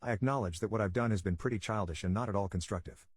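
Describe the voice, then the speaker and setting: Fast, husky, low-voiced male narrator. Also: no room sound. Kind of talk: scripted narration of a reddit story.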